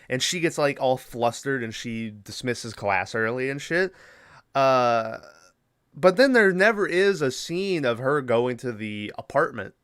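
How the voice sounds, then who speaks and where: A man's voice: medium pitch, lively intonation, a little slow, a bit bright, clean tone, no room sound, studio quality. A man hosting a podcast, casually retelling a movie plot in a rambling, profane way with lots of fillers. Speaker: podcast host.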